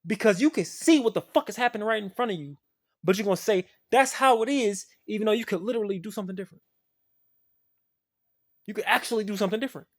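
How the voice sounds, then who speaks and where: Speaking very fast and pausing often, a spiritual video creator rants to the camera with passion and profanity, his delivery swinging from low muttering to shouting.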